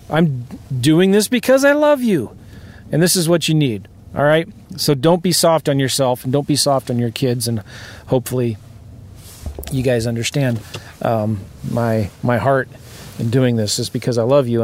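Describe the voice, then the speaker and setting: A man's voice: fairly high pitch, darkish tone. A man giving an emphatic, urgent motivational talk as a real estate coach, often asking "right?".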